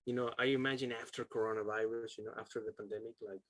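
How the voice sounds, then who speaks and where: A man's voice: on the low side, little pitch movement, fast, dry recording. A man with a Chilean Spanish accent teaching an English lesson on a video call, casual and chatty, with many ums and uhs. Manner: casual, chatty, laughs often, fills with um and uh. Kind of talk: online class.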